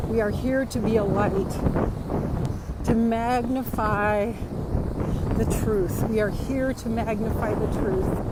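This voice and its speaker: A middle-aged woman with a fairly high voice speaks earnestly and repeats her affirmations, a little out of breath as she walks. She holds her phone outdoors on a beach, and heavy wind roars across the mic. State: out of breath from walking. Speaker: spiritual workshop host. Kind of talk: live-streamed beach walk talk. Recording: loud wind noise on the mic.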